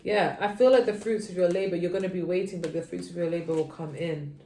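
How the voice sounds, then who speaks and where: A woman giving a casual tarot reading, chatty and sleepy, drifting between low murmurs and sudden bursts of energy. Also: steady tone, fast talker, mellow, roomy sound, a little hiss or hum. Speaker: tarot reader.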